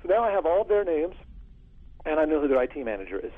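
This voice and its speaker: Fast-talking husky man on a tinny line. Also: fairly high pitch. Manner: animated, acts out phone calls. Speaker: security consultant. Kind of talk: storytelling interview answer. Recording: phone-like lo-fi audio.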